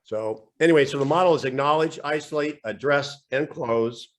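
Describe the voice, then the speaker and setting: A man's voice: on the high side, moderate pace. Upbeat man coaching with a worn voice. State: voice weak and scratchy from overuse. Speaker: real estate coach hosting a role-play call. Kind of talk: casual coaching talk on a video call. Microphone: computer mic on a video call.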